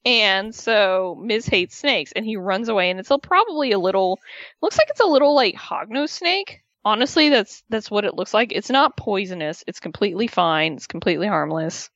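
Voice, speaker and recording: A woman's voice: mid-range voice, expressive, normal speed, fairly bright tone. A chatty woman co-hosting a casual podcast, retelling events at an easy pace and slipping into exaggerated voices for quotes. The sound is a little muffled and lo-fi, and the recording is dry and close, with no room echo. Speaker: podcast co-host recapping a reality show. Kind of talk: casual chat.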